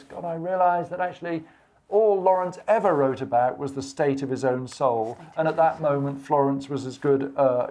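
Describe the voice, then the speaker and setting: A man's voice: on the high side, a little mellow. Hesitant man chatting at a book event. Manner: rambling, hesitant, full of restarts and fillers. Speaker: guest author. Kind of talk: live bookshop conversation. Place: bookshop event before an audience.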